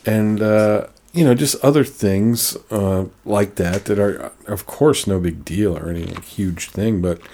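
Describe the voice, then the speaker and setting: A man's voice: fairly low pitch, unhurried, hardly any pauses, dark tone. A man co-hosting a show, chatting casually and rambling with lots of fillers and restarts. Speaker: podcast co-host. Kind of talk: casual chat.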